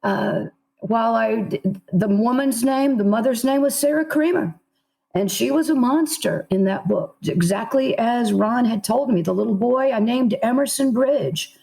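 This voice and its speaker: A woman's voice: a little high, moderate pace, creaky, dark tone, poor audio. A middle-aged woman with a Southern American accent, an author guest telling a story earnestly in an interview and voicing quotes of the people in it.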